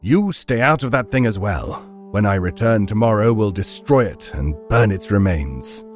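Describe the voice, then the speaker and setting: A stern, commanding investigator barking clipped orders in a slightly lowered voice, as a male narrator plays him. Faint music sits beneath the storybook reading. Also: animated, moderate pace, close to an everyday voice.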